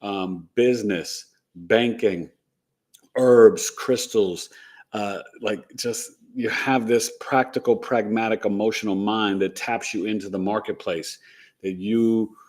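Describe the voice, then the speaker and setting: Low-voiced man hosting a casual astrology talk. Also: steady tone, slow, darkish tone. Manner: rambling, tags sentences with "right?". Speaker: astrology show host. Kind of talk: casual live-stream talk.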